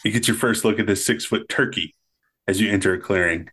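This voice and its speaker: A man voicing a stern male paleontologist, telling a grim story in a measured way. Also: lowish voice, a bit bright, slight background noise, natural voice.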